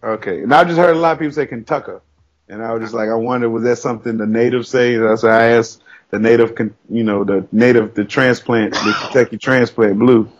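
A man's voice: medium pitch, fairly even intonation, fairly quick, lo-fi sound. A man co-hosting a casual podcast, playful and laughing, repeating words for comic effect. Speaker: podcast co-host.

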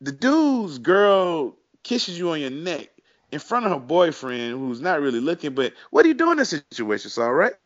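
A podcast co-host with a fairly high, very animated voice rambles through stories and casual chat at a moderate pace, leaning heavily on "you know" fillers. The audio is muffled, lo-fi, dull, and dry, with no echo.

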